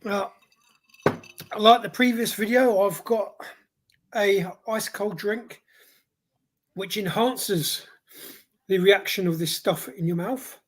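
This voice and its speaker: A man's voice: sits high, slow, long pauses, a little hiss or hum. A man hosting a livestream hot sauce test who has a head cold and a runny nose, exclaiming and reacting aloud as the spice hits. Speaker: hot sauce reviewer and host.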